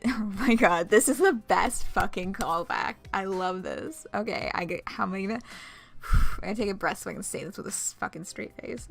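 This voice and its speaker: A woman's voice: mid-range voice, moderate pace, vocal fry, soft background music. A woman streamer giving casual let's-play commentary while reading a game aloud, chatty, laughing often and swearing freely.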